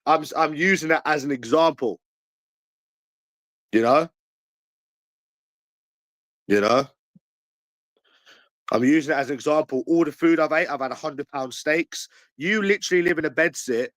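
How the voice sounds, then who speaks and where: A man with a London accent, ranting angrily to camera in a repetitive, jeering way that breaks into shouts. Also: fairly high pitch, dry recording, low-quality recording. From England. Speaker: channel owner. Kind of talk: angry ranting monologue to camera.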